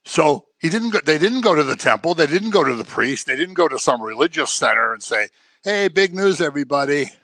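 A man preaching a sermon in an animated way, acting out the voices he quotes. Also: fairly high pitch, brisk, gravelly, hardly any pauses, no room sound.

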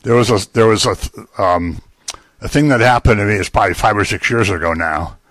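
A man's voice: on the low side, fairly quick, fairly bright tone, no echo. An older man preaching a sermon in a conversational way, with joking asides.

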